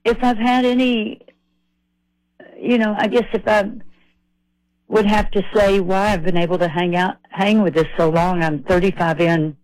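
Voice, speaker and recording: Middle-aged woman rambling through a story, chatty and lively, dry close sound. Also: mid-range voice, moderate pace, no room sound, rough recording. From Nashville, Tennessee. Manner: chatty, rambling, animated retelling. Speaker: country singer, guest.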